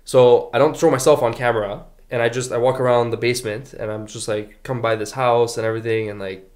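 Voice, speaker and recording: Relaxed man thinking out loud. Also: mid-range voice, fast. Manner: relaxed, thinks aloud, searches for words. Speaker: podcast guest, internet comedian. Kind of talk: casual podcast conversation.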